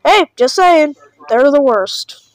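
A woman's voice: high-pitched, animated, slow, low-quality recording. A woman doing casual reaction commentary on videos, sarcastic and full of mock panic.

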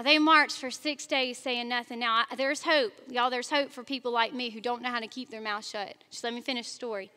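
A woman preaching a sermon with a high, very sharp and bright voice. She tells stories in a chatty way, talks straight to the congregation and laughs at herself. Her voice rings with the long reverb of a large church hall. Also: fairly even intonation, fairly quick, few pauses. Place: church sanctuary.

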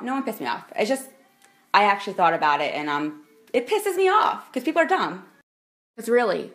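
A young adult woman ranting in a vlog, blunt and profane, swinging between loud outbursts and quiet mutters. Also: medium pitch, very animated, fairly quick, soft background music. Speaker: vlogger.

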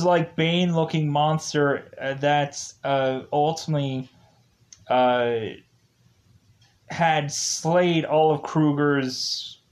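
A man giving a casual, rambling review of a show's episodes, full of fillers and restarts. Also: a little high. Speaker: show reviewer.

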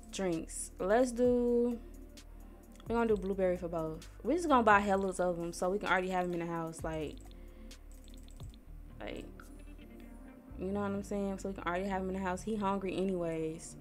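This young gaming YouTuber from Missouri speaks in a mid-range voice as she plays a life-sim game, with soft music underneath. She's chatty and slangy, talking to herself and the game's characters and quickly getting annoyed.

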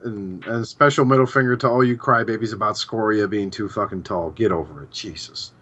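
A man's voice: fairly low pitch, steady tone, fairly quick, fairly bright tone, highs cut off. A man co-hosting a casual podcast, joking and profane, with a dry close sound. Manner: profane, jokey, does mocking voices. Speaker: podcast co-host.

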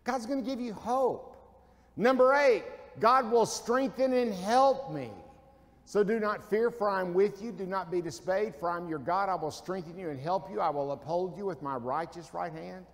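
A man's voice: high-pitched, normal speed, long reverb tail. A man preaching a folksy sermon in a church, asking his listeners questions and answering them himself. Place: church sanctuary.

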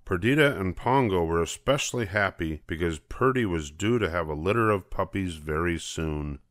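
An older man reading a storybook aloud in a gentle, measured way. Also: sits low, no echo.

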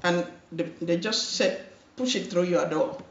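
A woman's voice: lowish voice, measured pace. A woman pastor preaching a sermon, emphatic and full of repeated phrases and calls for amen. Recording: roomy, distant, dull lo-fi hall recording.

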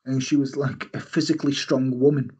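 A man's voice: medium pitch, little pitch movement, fairly quick, darkish tone, slightly rough, highs cut off. A man hosting a podcast, recounting a true-crime story in a jokey way and riffing on it. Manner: jokey, giggly, reads aloud then riffs. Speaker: podcast host.

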